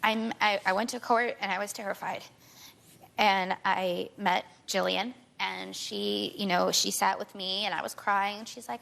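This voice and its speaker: A woman in her twenties, a talk show guest, rushing through an emotional personal account and repeating herself as she pleads her case. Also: medium pitch, creaky, fairly bright tone, a little hiss or hum.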